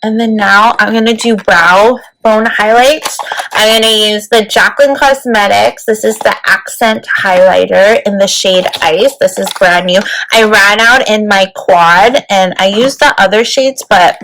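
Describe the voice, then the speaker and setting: A woman's voice: mid-range voice, steady tone, measured pace, fairly bright tone, a little hiss or hum, low-quality recording. A woman beauty vlogger talking casually through a makeup tutorial, chatty and full of "like" and "let me tell you". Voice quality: creaky.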